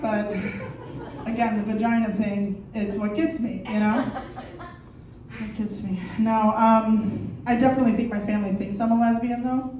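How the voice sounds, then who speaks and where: A woman in her thirties doing a crude, animated stand-up comedy set on a comedy theater stage, acting out scenes in shouted voices. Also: fairly high pitch. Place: comedy theater stage before a laughing audience. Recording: distant, echoey club recording with audience noise.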